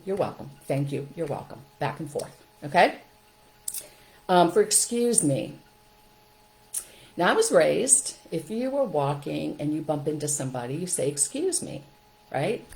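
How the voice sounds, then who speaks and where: A middle-aged woman hosting a casual how-to talk, upbeat and practical, often checking in with a quick "okay?". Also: fairly low pitch, mellow, rough recording. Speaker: host.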